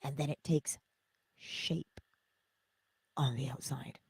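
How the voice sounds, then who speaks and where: Lively woman giving a motivational talk. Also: on the low side, measured pace, husky, no room sound. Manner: animated, laughing, talks straight to viewers. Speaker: inspirational speaker.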